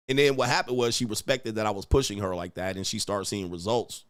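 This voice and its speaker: A man's voice: on the low side, no echo. A man on a livestream telling a rambling story in crude language, laughing often and checking in with "all right?". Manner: profane, laughs often, acts out quoted voices. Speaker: streamer and fitness coach. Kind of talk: casual opinion rant and storytelling. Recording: dry close mic.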